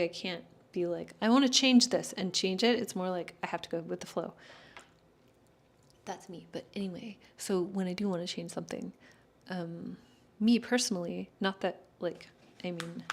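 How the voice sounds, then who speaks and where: A woman talks casually as an astrologer taking viewer questions, her voice sitting at an ordinary middle pitch. She rambles and hedges, filling gaps with fillers and doubling back to correct herself. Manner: rambling, hedging, many fillers and self-corrections. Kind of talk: casual livestream chat.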